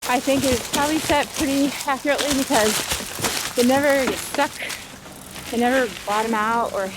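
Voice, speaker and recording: A chatty woman with a somewhat high voice talks casually while riding outdoors. She laughs often and pokes fun at herself. The outdoor noise is clearly audible behind her. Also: fairly even intonation, moderate pace. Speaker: vlogger reviewing her bike. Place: outdoors on trails and roads. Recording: noisy outdoor recording.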